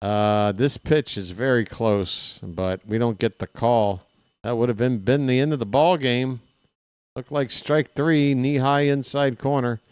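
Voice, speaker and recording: Man, casual baseball play-by-play, slow easygoing delivery, chatty asides, self-deprecating. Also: medium pitch, darkish tone, clear, resonant tone, dry recording, studio quality. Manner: chatty, wanders into personal asides between calls. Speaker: play-by-play announcer.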